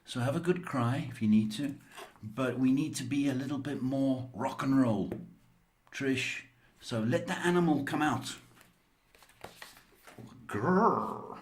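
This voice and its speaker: A man doing a live-streamed psychic card reading, answering viewers slowly, with many ums and pet names like baby and sweetheart. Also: mid-range voice, darkish tone.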